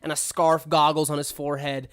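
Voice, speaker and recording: A man's voice: on the high side, level tone, fairly quick, clean tone. A man narrating as game master of a tabletop game, rambling with many restarts. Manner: rambling, lots of fillers and restarts.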